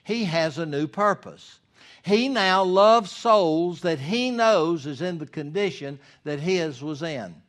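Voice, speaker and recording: A man preaches in a homespun, conversational way. His voice sits a little high for a man, and he leans into emphatic lines while acting out remembered exchanges. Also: animated, slow, fairly bright tone. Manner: folksy preaching with quoted dialogue and rising emphasis. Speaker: pastor. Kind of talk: sermon.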